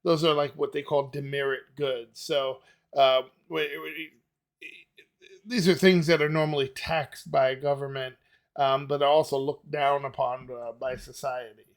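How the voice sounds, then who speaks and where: A man's voice: mid-range voice, steady tone, a little slow. A man hosting a music reaction, thinking aloud casually with lots of fillers and restarts. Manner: musing aloud, many fillers and restarts, laughs easily. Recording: music playing behind the voice.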